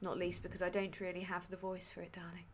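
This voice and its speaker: A woman's voice: lowish voice, monotone, fast, slight background noise. A woman hosting a livestream, chatting casually about politics in a sweary, rambling, sardonic way full of fillers. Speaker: livestream host.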